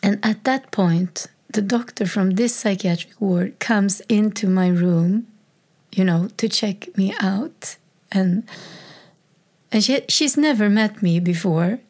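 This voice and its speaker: A woman telling a raw personal story in a halting, reflective way, with many restarts. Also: medium pitch, a little mellow. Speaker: speaker sharing a personal story. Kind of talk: personal testimony.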